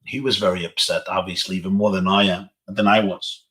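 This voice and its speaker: A man's voice: low voice, level tone, brisk, fairly bright tone. A man, a rabbi, giving an inspirational talk to teenagers over a webinar, telling stories sprinkled with Yiddish and Hebrew phrases. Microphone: webinar video call.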